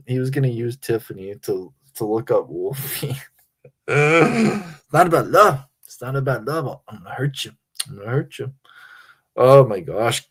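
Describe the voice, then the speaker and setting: A man hosting a livestream and chatting with viewers in a casual, giggly, profane and mocking way. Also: mid-range voice. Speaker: livestream host.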